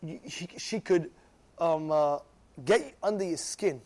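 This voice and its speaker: Man, high voice, animated religious class talk, acts out voices, keeps checking in with listeners. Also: slow. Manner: animated, acts out shouting voices, asks "you know?" often. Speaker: rabbi teaching a class. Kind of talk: Torah class sermon.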